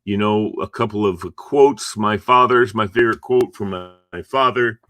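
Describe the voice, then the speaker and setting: Here a middle-aged man speaks on the low side at a moderate pace, his tone a bit bright. Having just woken up, he drowsily hosts a morning encouragement livestream from home, rambling chattily with yawns between thoughts and little chuckles.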